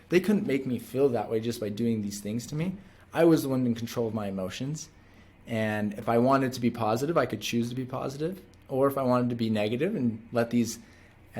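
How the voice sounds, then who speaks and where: A man's voice: medium pitch, a little mellow. A man in his thirties, a salesman, casually telling a story in an earnest, rambling way with many restarts. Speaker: door-to-door salesman.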